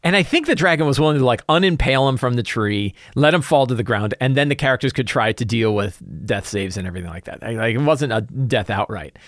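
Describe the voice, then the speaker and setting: A man at mid pitch recaps his tabletop game as game master, loose and rambling, leaning on "like" and "right?". He laughs lightly through the story. The sound is dry and close, with no room echo. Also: animated, fast, few pauses. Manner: chuckles while telling. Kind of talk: casual campaign recap.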